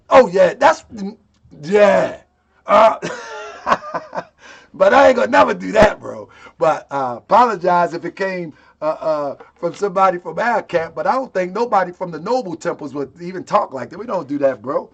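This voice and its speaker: A man with a very high speaking voice, talking in a loose, slangy livestream rant. He is emphatic and laughs often as he addresses his temple's followers. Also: expressive, normal speed, creaky, fairly bright tone, breathy edge.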